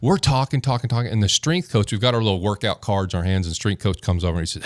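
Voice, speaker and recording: A man's voice: fairly low pitch, fast, no room sound, clean studio sound. A man, a former football lineman, telling stories as a guest in a casual podcast chat and acting out the quotes. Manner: animated storyteller, acts out quotes. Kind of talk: casual storytelling.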